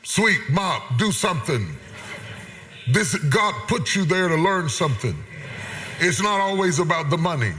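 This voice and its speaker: A middle-aged man preaching a sermon as a guest bishop, swinging from loud, emphatic preaching to hushed, intimate asides, with an amen responder. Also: a little high, sing-song, unhurried. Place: large church auditorium. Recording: long reverb of a large hall.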